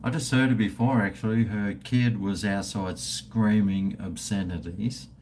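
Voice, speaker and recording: An Australian man in his fifties drawls through a casual live stream at a slow pace. He jokes crudely and swears freely as he toasts his viewers. Faint background noise sits behind his voice. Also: fairly low pitch, fairly even intonation, a little mellow. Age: 50s. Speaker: livestream host.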